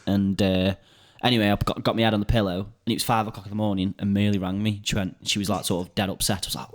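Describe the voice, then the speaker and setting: A young man with a Stoke accent, chatting casually as a podcast host and telling lively stories, swearing and laughing often. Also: on the low side, very fast, few pauses. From Stoke-on-Trent, England. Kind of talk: casual chat.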